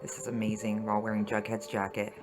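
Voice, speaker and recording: A man's voice: lowish voice, completely flat delivery, fast talker, over music, rough recording. A man ranting emotionally about a TV episode as he reacts to it, swearing and exclaiming often. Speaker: TV reaction vlogger.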